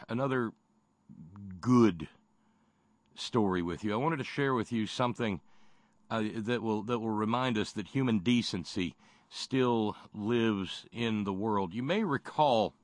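A man's voice: mid-range voice, fairly bright tone, no echo. A man hosting a radio talk show, speaking in a folksy, wry way with many fillers and restarts.

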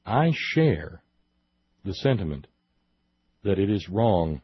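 A man hosting a political talk show, sarcastic and emphatic, slowing down to stress his points. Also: low-pitched, sing-song, husky, no echo, highs cut off. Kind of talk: opinionated political commentary.

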